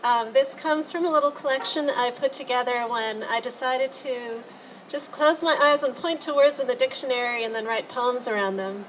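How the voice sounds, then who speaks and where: A woman's voice: a little high, moderate pace, fairly bright tone. A woman poet giving a friendly, explanatory introduction to her poem at an outdoor reading. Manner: friendly, explanatory, light fillers. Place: outdoors downtown street. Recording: distant mic, street noise.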